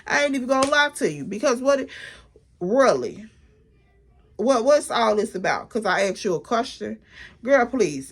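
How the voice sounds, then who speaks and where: A woman telling a story in a casual vlog, animated and blunt, with plenty of cursing. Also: on the high side, moderate pace.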